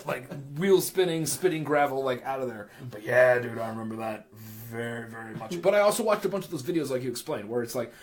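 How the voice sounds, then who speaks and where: A young man hosting a podcast, telling stories in casual chat. He swears freely and acts out the other people's lines himself. His voice sits at a middle pitch. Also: fairly quick, few pauses. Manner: swears freely, tells stories with acted-out quotes. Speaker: podcast host.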